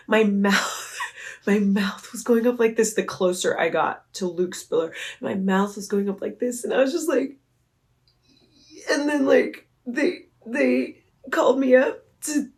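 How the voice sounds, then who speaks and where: A young adult woman vlogger chatting in a rambling, playful, self-mocking way. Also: mid-range voice. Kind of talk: casual commentary chat.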